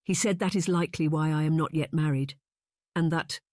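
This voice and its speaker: A woman's voice: deep voice, steady tone, a little fast, darkish tone, no room sound, clean studio sound, natural voice. A woman narrator voicing a tearful, emotional young woman who wails and pleads, in an audiobook reading. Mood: distraught. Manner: wailing, pleading.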